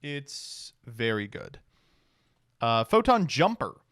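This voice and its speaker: A streamer reading card text aloud in a casual review, stopping for blunt, swearing reactions. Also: male voice, mid-range voice, very animated, slow pace, a bit bright, clear, resonant tone, no room sound, studio quality.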